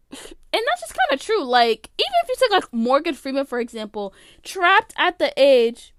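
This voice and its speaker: A woman's voice: sits high, fairly bright tone, clean tone, dry recording, studio quality. A woman hosting a podcast alone, giving casual opinionated commentary full of "like" fillers. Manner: chatty, opinionated, many "like" fillers. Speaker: podcast host.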